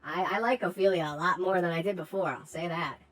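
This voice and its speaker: A woman's voice: lowish voice, fairly quick, faint music behind. Sarcastic woman playing a tabletop game. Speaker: player.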